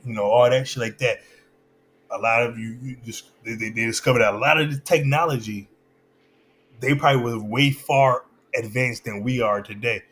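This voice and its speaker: A man's voice: mid-range voice, fairly even intonation, normal speed, fairly bright tone, slight background noise. A man in casual chat, talking loosely and stopping to find where his thought was going. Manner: loose, searching, loses his train of thought.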